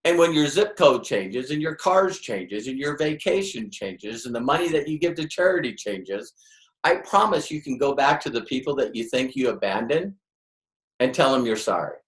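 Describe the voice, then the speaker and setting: A man runs a motivational network marketing training before a live audience, speaking in an animated, mid-range voice at a moderate pace. He's emphatic, fires off rhetorical questions, and acts out quoted voices, all with a roomy echo.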